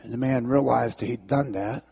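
A man telling a dramatic story as a sermon, halting and restarting as he builds tension. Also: mid-range voice, creaky, darkish tone, breathy edge, long reverb tail.

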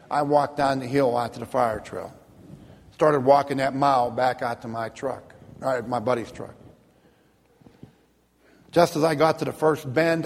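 A man, a minister, telling his personal testimony in an earnest, vivid storytelling manner, slowing down for emphasis. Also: mid-range voice, vocal fry, big-room sound.

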